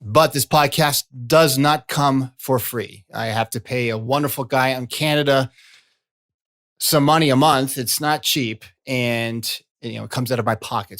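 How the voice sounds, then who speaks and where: A man's voice: mid-range voice, normal speed, a bit bright. A man hosting his own podcast as a coach, talking in a chatty, folksy way with repeated asides. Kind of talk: casual solo podcast talk.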